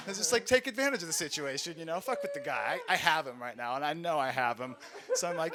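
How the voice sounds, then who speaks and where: A man's voice: on the high side, fast talker, a crowd in the background. A man, an Army veteran, telling rambling, profane war stories in a casual comedy set and laughing at himself as he goes. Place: small recording studio space.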